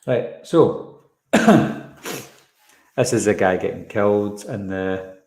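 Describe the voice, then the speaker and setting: A man's voice: on the low side, expressive, very slow, a little mellow. Man chatting in a roomy echo. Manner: chatty, rambling, frequent fillers. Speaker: live stream host. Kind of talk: casual live chat reading viewer comments.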